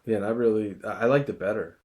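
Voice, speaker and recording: Male co-host, lowish voice, easygoing, loves retelling scenes. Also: fast, darkish tone. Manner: laid-back, retells scenes with quoted lines. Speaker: podcast co-host. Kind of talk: casual chat.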